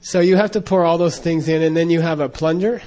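A man's voice: a little high, fairly even intonation, brisk, a little mellow. A man telling a casual, rambling story with lots of fillers and frequent laughs. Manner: rambling, many fillers and restarts, laughs often.

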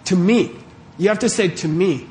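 A man with a high voice and dark tone gives a casual Buddhist teaching at a moderate pace to a live audience in a warm room, with slight background noise. He talks conversationally, often asking the audience questions and checking in with "okay?" and "right?"

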